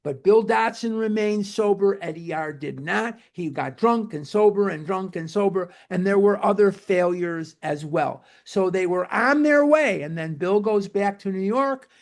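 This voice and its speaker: A man with a fairly high voice leads a recovery-program book study in a lecture style. He talks emphatically and repeats his points. He spells words out letter by letter. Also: measured pace, hardly any pauses. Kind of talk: lecture-style group talk.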